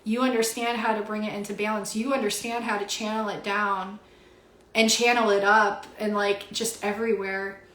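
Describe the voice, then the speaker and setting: A woman's voice: medium pitch, flat delivery, normal speed, a bit bright. A young woman giving a spiritual card reading on a home livestream, emotional and near tears, gushing with awe and many fillers. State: teary, emotional. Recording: roomy echo.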